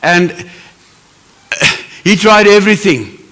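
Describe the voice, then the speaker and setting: A man's voice: high voice, expressive, takes it slowly, fairly bright tone. A man with a South African English accent preaching a sermon as pastor, earnest and emotional, with Afrikaans phrases mixed in.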